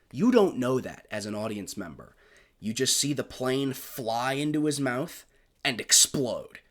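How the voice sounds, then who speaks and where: A man's voice: medium pitch, fairly bright tone. Gushing, rambling man reviewing a film. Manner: gushing, rambling, swears freely. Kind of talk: casual film review monologue.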